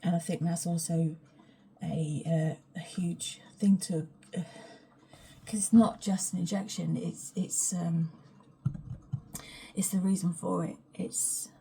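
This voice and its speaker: A woman's voice: fairly low pitch, fairly even intonation, takes it slowly, dark tone, slightly rough. A woman chatting frankly at home in her kitchen, rambling and swearing and often dropping to a whisper. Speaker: vlogger. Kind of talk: rambling casual vlog chat.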